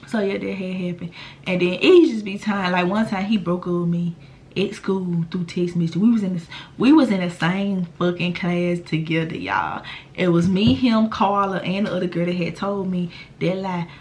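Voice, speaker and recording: A woman's voice: on the low side, normal speed, darkish tone. A young adult woman telling a personal story to her viewers in a casual, slangy, profane way. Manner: addresses viewers directly. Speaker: vlogger.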